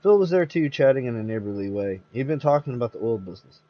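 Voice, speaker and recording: A man hosting and reading a horror story aloud, steady with occasional slips and restarts. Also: medium pitch, quick pace, lo-fi sound. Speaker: host and storyteller.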